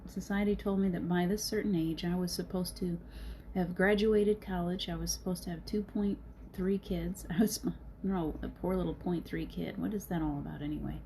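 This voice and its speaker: A middle-aged woman speaks in an earnest, encouraging way and laughs often. Her voice sits a little low and sounds mellow. A faint background noise runs under the recording. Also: fairly even intonation, moderate pace, vocal fry. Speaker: host. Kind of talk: casual motivational talk.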